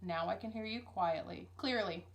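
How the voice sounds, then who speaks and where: A woman's voice: medium pitch, moderate pace, lo-fi sound, lightly acted. A woman voicing a confused, overly formal male city hall clerk on the telephone in a storybook reading. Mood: prim.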